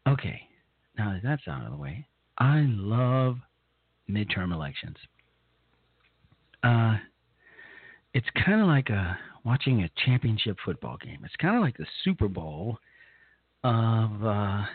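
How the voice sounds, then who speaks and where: Husky-voiced man hosting talk radio over a tinny line. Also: fairly low pitch, big pitch swings, dry recording. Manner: halting, repeats himself, emotional. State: nervous. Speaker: radio talk show host. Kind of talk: live political talk radio.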